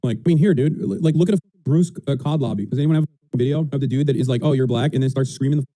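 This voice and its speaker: Rapid-fire sarcastic man streamer. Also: mid-range voice, warm tone, no echo. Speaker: political streamer. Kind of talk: stream commentary.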